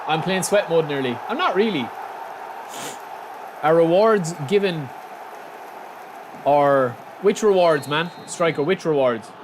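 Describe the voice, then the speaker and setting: A young man streams a football video game, chatting loosely with his viewers in a slightly high voice. His talk drifts between the match and small talk, then jumps into excited shouts when a goal goes in. A faint hum of background noise runs under his desk-mic audio. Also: slow pace, long pauses. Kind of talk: casual live-stream commentary while playing.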